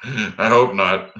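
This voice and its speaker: A man's voice: lowish voice, bright, forceful tone. Goofy man on a lo-fi live stream. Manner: goofy, jokes around with silly animal calls and impressions. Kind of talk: casual live-stream chat.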